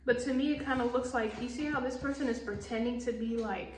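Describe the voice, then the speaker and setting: A woman's voice: on the high side, fairly quick, far from the mic, a little hiss or hum. A woman giving a casual tarot reading, blunt and profane, ranting heatedly. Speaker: tarot reader. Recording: echoey room, voice off-mic.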